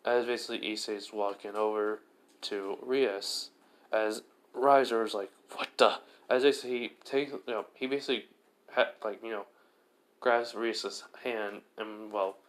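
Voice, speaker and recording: Lower-voiced man rambling through a fan story. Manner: rambling, many fillers and restarts. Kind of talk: casual fan-fiction storytelling.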